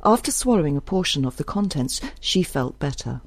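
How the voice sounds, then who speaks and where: Lady narrating an audiobook, slow and husky, dry close sound. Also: low-pitched, sing-song, dry recording.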